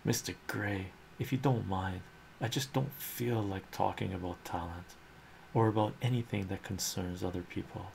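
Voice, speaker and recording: A man voicing a shy, modest young woman, read in a soft, unhurried ASMR comic reading. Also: low voice, gravelly, a little hiss or hum. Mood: timid.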